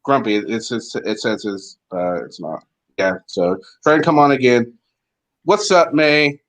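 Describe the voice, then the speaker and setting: A man's voice: mid-range voice, unhurried, fairly bright tone. A man hosting a casual call-in chat, laid-back, laughing easily and repeating himself. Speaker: host.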